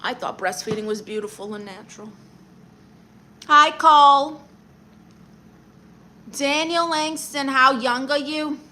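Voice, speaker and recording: Brassy Brooklyn woman with a bright voice. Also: high voice, normal speed, hardly any pauses. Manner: brassy, blunt and sassy, calls people honey. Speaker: livestream host giving comic advice. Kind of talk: comic livestream chat reading viewer comments.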